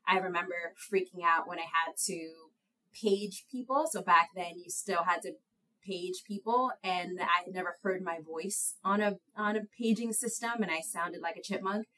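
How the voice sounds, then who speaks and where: A young woman speaking as an interview guest. Her voice sits a little low for a woman, though she calls it high, and she tells her stories in a lively, self-mocking way, laughing along. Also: moderate pace, low-quality recording. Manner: animated storyteller, laughs at herself, high light voice. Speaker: guest, attorney. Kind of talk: conversational interview.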